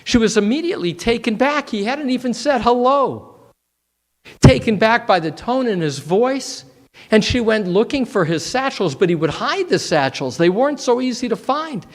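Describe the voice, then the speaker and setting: A man, a rabbi, giving a sermon in a measured, reflective storytelling manner. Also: extremely high pitch, animated.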